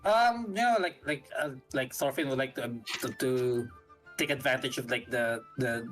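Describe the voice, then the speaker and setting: A man speaking hesitantly as a player in a tabletop game, with many pauses. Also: medium pitch, a bit bright, faint music behind, poor audio. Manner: hesitant, full of fillers.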